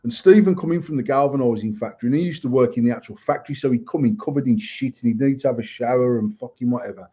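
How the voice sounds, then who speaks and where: A man's voice: mid-range voice, fast talker, few pauses, breathy edge. A man telling a rowdy childhood story in casual podcast banter, swearing constantly and laughing along. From United Kingdom. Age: adult. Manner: sweary, animated, laughs through his own story. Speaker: podcast co-host. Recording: dull lo-fi sound.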